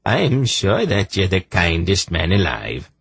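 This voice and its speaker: A man's voice: low voice, wildly swooping pitch, a little slow, creaky, fairly bright tone, a little hiss or hum, heavily acted. A man voicing a short, gaudy male juggler who boasts in a flowery, theatrical way with a lilting brogue. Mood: ingratiating.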